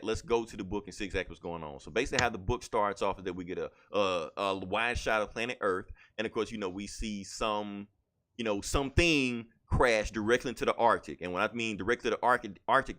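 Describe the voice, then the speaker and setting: A man's voice: lowish voice, a little fast, a bit bright. A man casually recapping a comic book on a podcast, rambling with lots of fillers and quoted lines.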